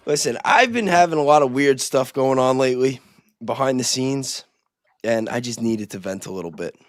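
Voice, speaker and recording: A man's voice: medium pitch, lively intonation, normal speed, no echo, clean studio sound. A man co-hosting a casual live stream, rambling through stories with frequent laughs and restarts. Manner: rambling, laughs often, restarts mid-sentence. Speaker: stream co-host. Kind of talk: casual chat.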